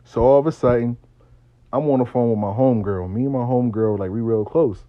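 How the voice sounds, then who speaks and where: A man casually telling a story in a slangy, profane, animated way as a spiritual practitioner. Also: medium pitch, brisk, no echo, dull audio.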